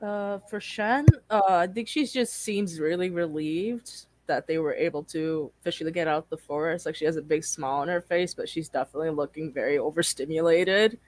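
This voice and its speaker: Woman player, low pitch, dry sound, thoughtful. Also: fairly quick, hardly any pauses, dry recording. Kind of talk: casual game table talk.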